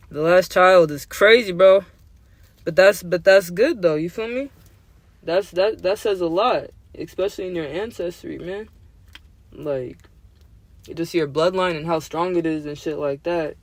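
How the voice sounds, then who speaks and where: A man's voice: on the high side, measured pace. A young man in his twenties hosting a podcast, talking in casual chat with slangy, profane language that gets heated. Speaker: podcast host.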